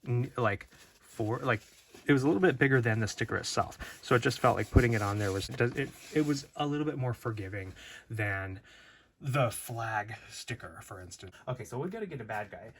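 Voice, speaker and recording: A man's voice: mid-range voice, expressive, brisk, a bit bright, slight background noise. A man giving a casual unboxing commentary at home, rambling and playful with many fillers and restarts, recorded on a phone. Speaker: toy reviewer. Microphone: phone camera.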